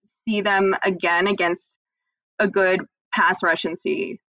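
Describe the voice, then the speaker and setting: A woman from near Pittsburgh, a TV sports reporter, answering interview questions in a relaxed way with easy laughs over a remote call. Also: mid-range voice, slow, dry recording, low-quality recording. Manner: relaxed, laughing easily, lots of fillers. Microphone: remote computer call.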